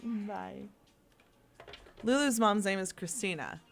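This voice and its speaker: A woman's voice: mid-range voice, takes it slowly, creaky, soft background music. A woman co-hosting a morning radio show, bubbly and playful in casual banter. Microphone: studio microphone.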